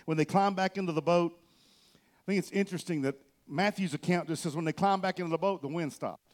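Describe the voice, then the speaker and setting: A male pastor preaching a sermon from a church stage, telling the story with animation and swinging between loud and soft. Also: sits high, a little fast.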